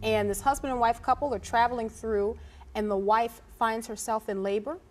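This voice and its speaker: Woman, co-host, higher voice, animated, casual headline chat. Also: normal speed, a little hiss or hum. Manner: animated, laughs often.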